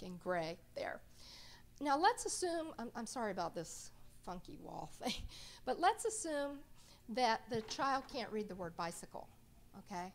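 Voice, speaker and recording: A middle-aged woman leads a reading workshop with a slightly high voice. She speaks in a chatty, informal way and keeps checking in with the people listening. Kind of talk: live workshop talk to an audience.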